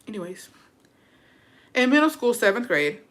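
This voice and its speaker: A young woman telling a storytime in a bright, sharp voice. She talks in an animated, profane way and drops Spanish phrases into her English. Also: lowish voice, fast. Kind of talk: casual storytime chat.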